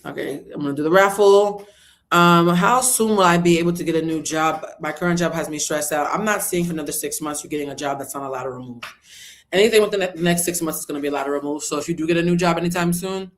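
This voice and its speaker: A loud, animated woman hosts a casual livestream tarot reading. She swears freely and keeps breaking into bits of song as she reads the cards. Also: fairly low pitch. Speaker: tarot reader.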